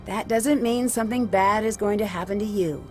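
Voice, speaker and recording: A woman's voice: mid-range voice, moderate pace, faint music behind, lightly acted. An actress voicing an earnest young female amateur detective in a mystery video game, asking questions in a curious, direct way.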